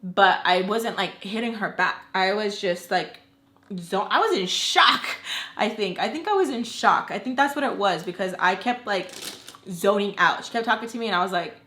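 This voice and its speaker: A young woman storytime vlogger tells a long personal story in a medium-pitched, sharp-toned voice at normal speed. She's chatty and emotional, packing in lots of "like" fillers, and the recording has a roomy echo.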